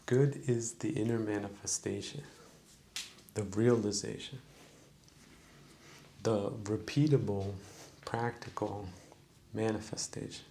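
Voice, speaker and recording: A man hosting a podcast, musing in a slow, preachy mock-sermon monologue with a gravelly voice. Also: fairly low pitch, steady tone, mellow, slight background noise. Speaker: podcast host. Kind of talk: rambling comedic monologue.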